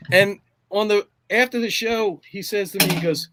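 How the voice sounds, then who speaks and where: A man's voice: sits high, moderate pace, a bit bright. A middle-aged man, a drummer, telling stories in a casual chat, swearing often and filling every line with "like" and "you know". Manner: profane, rambling, full of "like" and "you know". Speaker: drummer guest.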